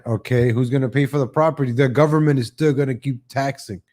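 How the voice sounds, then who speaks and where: A mid-range male voice with a darkish tone and a quick pace. On his live online show he rants casually and sarcastically, frequently restarting with the same opening words and mocking others through exaggerated impressions. He's opinionated and skips from one topic to the next.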